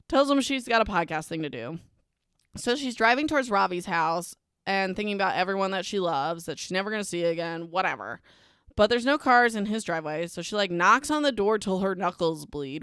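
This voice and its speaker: Young woman podcast host, smooth dry close-mic voice, casual and sarcastic, breezily dismissive. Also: fairly low pitch, a bit bright, dry recording. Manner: sarcastic, dismissive, heavy use of "like" and "whatever". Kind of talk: casual book recap.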